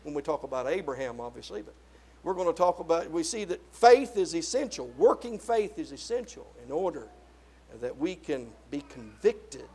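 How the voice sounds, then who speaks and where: High-voiced man preaching with loud emphatic swells. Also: sing-song, husky. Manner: rising to loud emphatic peaks, then dropping low; drawn-out stresses on single words. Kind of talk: sermon.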